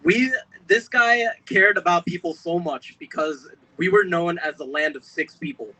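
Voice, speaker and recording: A young man giving an emotional speech at an outdoor protest, building from steady storytelling to shouting. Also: high voice, moderate pace, low-quality recording. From Pennsylvania. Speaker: protest speaker. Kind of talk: impassioned rally speech.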